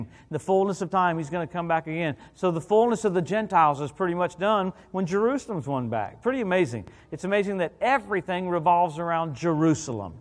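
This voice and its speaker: Animated high-voiced preacher man. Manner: animated, joking, calls out "hallelujah" and "come on". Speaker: guest preacher. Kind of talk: evangelical sermon.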